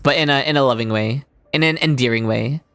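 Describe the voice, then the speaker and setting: A woman's voice: a bass voice, brisk, fairly bright tone. A woman streaming a game, chatting casually and answering her chat.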